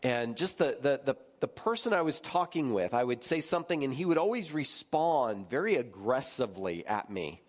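Animated male pastor preaching casually. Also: normal speed, hardly any pauses. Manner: animated, chatty, checks in with listeners with "right?"; lively, jumps higher when recounting stories. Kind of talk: conversational sermon.

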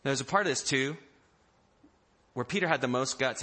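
A man preaching a sermon with a bright, ringing voice. He tells the story like a lively storyteller, jumping into the voices of the people in it. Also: mid-range voice, fast. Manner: animated storyteller, acting out quotes in varied voices. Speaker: pastor.

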